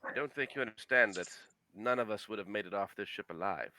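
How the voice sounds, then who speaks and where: A man's voice: on the low side, fast talker, sharp tone, no echo, poor audio. A man playing a tabletop game, arguing his character's case with indignation. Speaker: player. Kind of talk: in-character tabletop role-play.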